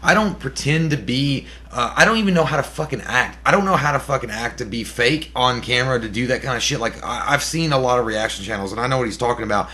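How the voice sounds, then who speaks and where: A young man in easy podcast banter, foul-mouthed and quick to laugh. He fires back at a hater with rough, joking insults in a mid-pitched voice. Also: pushed and bright, slight background noise. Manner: profane, laughing trash talk. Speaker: podcast co-host.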